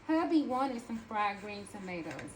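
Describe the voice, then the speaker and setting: A woman's voice: mid-range voice, very animated, a little slow, background noise. A woman with a Southern US accent, hosting a casual home cooking demonstration in a folksy, chatty way and talking straight to her viewers. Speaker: cooking show host. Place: home kitchen.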